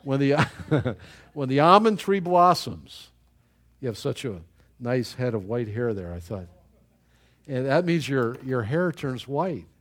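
A man's voice: medium pitch, very animated. A man preaching a sermon in a folksy storytelling way, chuckling at his own anecdotes and often restarting his sentences. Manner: halting with repeated restarts.

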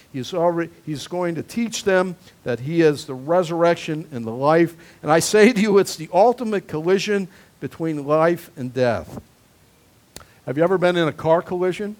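A male pastor preaching a sermon, conversational with emphatic swells on key phrases. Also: sits high.

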